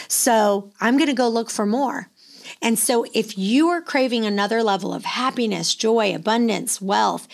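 A middle-aged woman giving a motivational talk, energetic and full of anecdotes told with acted-out quotes. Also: on the high side, vocal fry. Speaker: real estate business owner.

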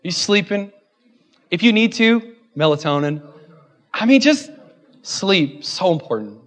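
A man preaching a sermon in a church, joking and laughing at himself, then building to loud declarations. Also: sits high, expressive, a little slow. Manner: self-deprecating, joking, laughing often. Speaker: guest preacher.

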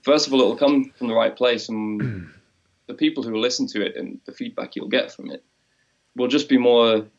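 A man's voice: medium pitch, moderate pace, gravelly. A man in a casual chat who rambles through his thoughts in a reflective way. He breaks into quoted voices now and then, and the recording sounds slightly dull and lo-fi. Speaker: musician co-host.

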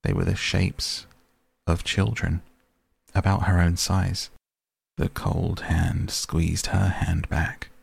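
Deep gravelly guy reading a storybook slow, kinda husky. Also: flat delivery, dry recording. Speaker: narrator. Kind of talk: audiobook narration.

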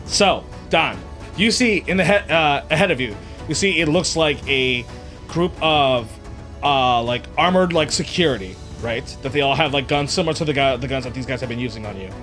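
A man's voice: mid-range voice, normal speed, a bit bright, soft background music. A man narrating a tabletop game as game master, describing scenes in rambling sentences full of "like" and "uh".

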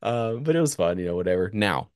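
A man's voice: low voice, lively intonation, quick pace, darkish tone, clear, resonant tone, no echo, studio quality. A young man telling a story in casual chat, rambling with lots of filler words, swearing now and then. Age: young adult.

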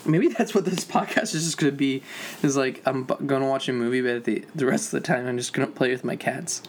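A young adult podcast host chatting alone at home in a mid-pitched voice. The talk drifts and sags, full of fillers and tired sighs, with faint noise behind. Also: fast. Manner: rambling and low-energy, full of fillers and sighs. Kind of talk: casual solo podcast chat. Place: at home with a cat.

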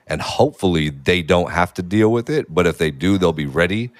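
A man in his thirties with an extremely deep voice talks in a relaxed, casual way. He is blunt and profane and laughs easily. The sound is dry and close, with no room echo. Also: a little fast. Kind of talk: casual chat.

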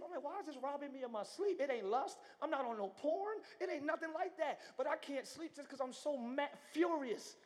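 Very high-voiced man preaching, reverberant hall. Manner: animated preaching, swinging from hushed talk to shouts. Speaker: pastor. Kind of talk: live sermon. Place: large church hall. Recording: long church hall reverb.

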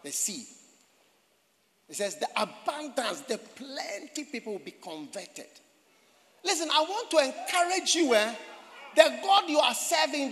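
A man preaching in a church with a very high, bright voice. He talks like he is chatting with the congregation, repeats his phrases and asks them questions. His voice rings with long reverb in a large hall. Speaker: pastor. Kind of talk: sermon.

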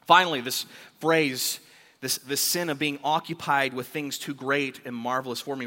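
A man's voice: mid-range voice, bright, forceful tone. A man preaching a sermon, telling a biblical story with animation and acting out the characters' words. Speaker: pastor. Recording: long hall reverb.

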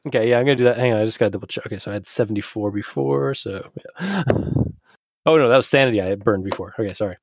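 A man's voice: on the low side, quick pace, vocal fry, no room sound, clean studio sound. A man playing a tabletop horror game, talking casually and stumbling over his words. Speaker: player.

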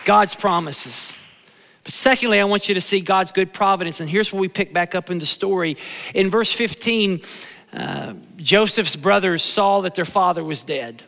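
A man's voice: high-pitched, normal speed, creaky, pushed and bright, in a large hall. A male pastor preaching a sermon in a folksy, emphatic way, with humor and repeated phrases. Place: church sanctuary.

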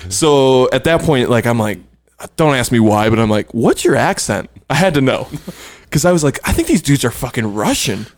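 A man telling a rambling story in casual conversation, laughing between lines at a middle pitch. His voice sits in an ordinary range. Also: big pitch swings, normal speed. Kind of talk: casual chat, telling an anecdote.

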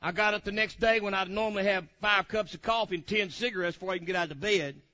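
A man telling a testimony in a sermon, swinging from loud hollering to low, quiet asides. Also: fast talker. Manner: animated storyteller, swings from hollering to low murmurs. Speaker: preacher. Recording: dull lo-fi recording.

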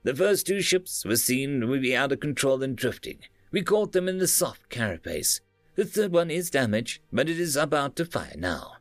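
A man voicing a dutiful male sensor technician giving brisk status reports. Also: mid-range voice, big pitch swings, dry recording, soft background music, voice pushed up, close to an everyday voice.

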